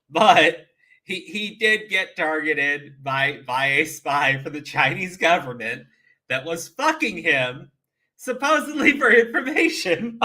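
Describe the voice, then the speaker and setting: A man's voice: on the high side, sharp tone. A man giving casual, profane reaction commentary, often laughing and restarting his sentences. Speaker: commentary streamer.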